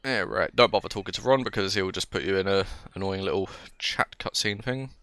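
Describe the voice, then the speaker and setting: A man's voice: low-pitched, fairly quick, fairly bright tone, clean tone, no echo. A man hosting a let's play, giving jokey, chatty, self-mocking commentary as he plays. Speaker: gaming channel host.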